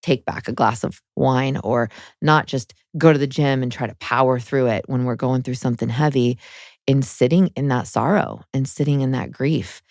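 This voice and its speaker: A woman in her thirties speaks as an interview guest, frank and emotional, with lots of "like" fillers. Her voice has a gravelly, fry-laden edge. The sound is dry and close, with no room around it. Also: rumbling low, moderate pace, a little mellow, no echo. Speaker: guest, spiritual guide. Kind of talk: candid personal interview.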